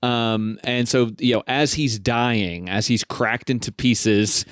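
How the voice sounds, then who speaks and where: A man's voice: medium pitch, fairly even intonation, slow pace, clear, resonant tone, no echo, studio quality. A man co-hosting a podcast, laughing often during casual recap chat. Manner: laughs often while talking. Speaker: podcast co-host.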